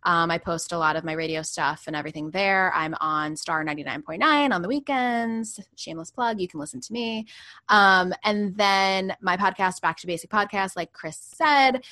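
A young woman with a New York accent, a radio host chatting as a podcast guest in an animated, agreeable way. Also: on the low side, dry recording. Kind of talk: casual chat.

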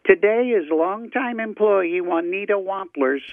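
A flustered old hardware store owner rambles and grumbles with mild curses, as a man puts him on. The voice sits high and pinched, and it comes through a muffled, dry phone line. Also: a little slow, no room sound. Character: cranky older male hardware store owner. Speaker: caller.

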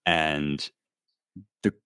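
A man's voice: extremely low pitch, fairly even intonation, very slow, sharp tone, smooth, no echo, clean studio sound. A man in his thirties from the United States, explaining things in a casual interview with lots of fillers and restarts. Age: 30s. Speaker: guest author.

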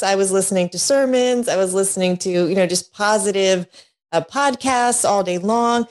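Middle-aged woman, podcast guest, candid storyteller, slightly high voice, laughs easily. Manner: animated, laughs often, acts out quoted voices. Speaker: guest, divorce coach.

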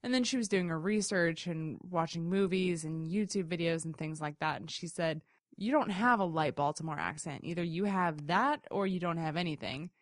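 A woman's voice: on the low side, moderate pace, no echo, clean studio sound. Chatty woman co-hosting a podcast. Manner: chatty, laughs easily. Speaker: podcast co-host. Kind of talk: casual chat.

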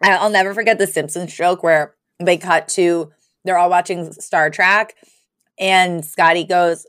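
A woman's voice: fairly low pitch, unhurried, no room sound, studio quality. A woman co-hosting a podcast, casually retelling a sitcom episode and acting out the characters' lines. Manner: animated storytelling, acts out characters' lines with laughs. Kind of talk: casual chat.

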